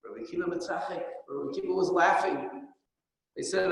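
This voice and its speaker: A man's voice: high voice, steady tone, fast. A man, a rabbi, giving a Torah lecture, telling stories and explaining Hebrew and Aramaic phrases as he goes. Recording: echoey hall with long reverb.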